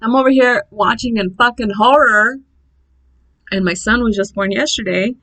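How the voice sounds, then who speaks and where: A young woman telling a birth story in a casual, blunt, animated vlog, swearing freely. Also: a little high, moderate pace, poor audio.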